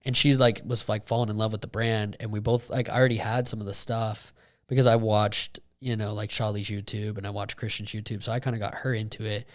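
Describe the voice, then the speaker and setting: A man's voice: lowish voice, brisk. Young man rambling on a casual podcast. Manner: rambling, lots of fillers, animated when retelling. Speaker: podcast co-host. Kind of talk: casual chat.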